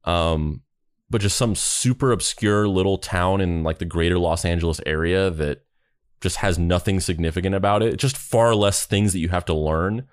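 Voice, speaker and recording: A male podcast co-host with a fairly low voice, talking in a relaxed, reflective way. The recording is dry and close, with little room sound. He laughs easily as he talks things over. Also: moderate pace, clean tone, no room sound. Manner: thoughtful, chatty, laughs easily. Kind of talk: casual podcast chat.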